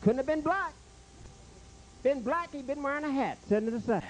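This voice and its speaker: A man doing a stand-up comedy set in a club, jokey and animated, stammering through restarts and bantering with the crowd and the waiter. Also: extremely high pitch, a little fast.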